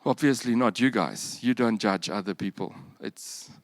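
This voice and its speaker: A man preaching a sermon, animated, with humorous asides and bursts of emphasis that drop to quiet. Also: lowish voice, normal speed, no echo.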